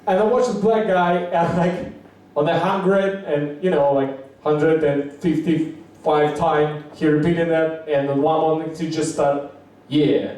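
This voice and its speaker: A man doing open-mic stand-up comedy, rambling and profane, acting out quotes in high squeaky voices, in a language not his own. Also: level tone, unhurried, darkish tone. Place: small comedy bar. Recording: echoey room from far off.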